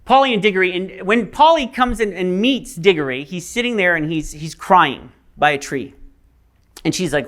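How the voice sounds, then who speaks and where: A man's voice: sits high, normal speed, fairly bright tone. A male pastor giving a sermon, telling a story casually with fillers.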